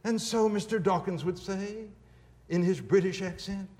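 A man's voice: high voice, normal speed, darkish tone, in a large hall. A man giving a classroom lecture, emphatic and full of rhetorical questions.

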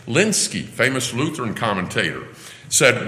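Bible class teacher, man, bright lively delivery, strong hall reverb. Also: mid-range voice, a little slow. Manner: emphatic, asks rhetorical questions. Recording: echoey hall with long reverb.

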